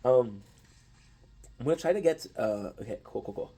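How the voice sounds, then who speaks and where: A man's voice: mid-range voice, expressive, brisk, gravelly, long pauses, dark tone, husky, soft background music, rough recording. A man casually retelling an anime story, with lots of restarts and offhand swearing. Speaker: anime commentator.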